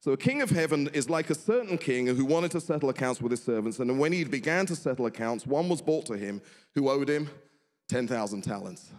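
A man's voice: medium pitch, expressive, brisk, a little mellow. A man preaching a sermon, earnest, asking the congregation rhetorical questions. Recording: long hall reverb.

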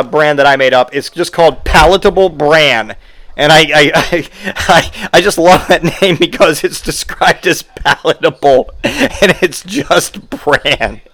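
Podcast host, male, higher-pitched, sarcastic comedic riffing. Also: a bit bright. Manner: sarcastic, joking, mock-advertising voices. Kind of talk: casual comedic rant.

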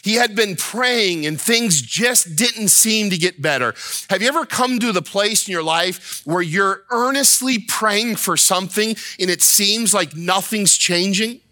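A man's voice: high voice, unhurried, sharp tone, dry recording. A man preaching a sermon as a pastor, impassioned, repeating himself and rising to pleading cries. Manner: repeats words and restarts when worked up.

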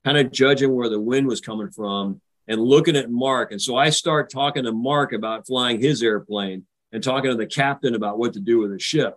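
An older American man, a retired naval officer, recounts a tense carrier landing in a vivid, animated way during a podcast interview. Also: medium pitch, rough recording. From United States. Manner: vivid, animated retelling, acting out radio calls. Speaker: guest.

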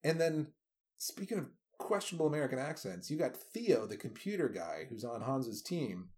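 A man talking films in an easygoing podcast chat, his pitch swinging widely as he goes. He is animated and drops into mock voices to quote scenes. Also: moderate pace. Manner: animated, breaks into mock voices when quoting. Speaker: podcast co-host. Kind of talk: casual movie discussion chat.

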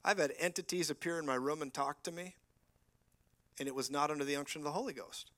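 Animated high-voiced male preacher. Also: fast, dry recording. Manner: animated, jokey, acts out voices in stories. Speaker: guest preacher. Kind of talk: lively sermon with storytelling. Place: church.

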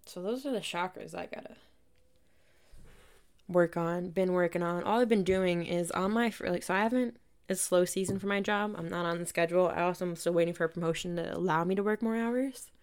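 A woman's voice: on the low side, a little fast, smooth. A young woman hosting a podcast, telling a story in a casual, chatty way, full of "like" and mild swearing. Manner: chatty, swears freely, lots of "like". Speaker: podcast host.

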